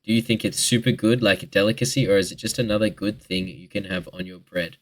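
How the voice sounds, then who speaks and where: A man's voice: lowish voice, fairly even intonation, quick pace. A twenty-year-old Australian man answering viewer questions in a rambling, joking casual chat, swearing freely.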